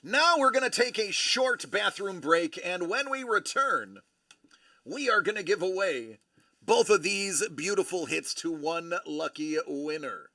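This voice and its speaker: A man hosting a live stream, excitedly opening trading cards and exclaiming over each one. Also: high-pitched, unhurried, no room sound, clean studio sound. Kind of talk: live-stream card breaking.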